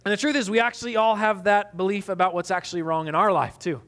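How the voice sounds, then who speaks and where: A man's voice: sits high, quick pace, a bit bright. A man in his thirties, a pastor giving a casual, conversational sermon with self-deprecating stories and lots of fillers.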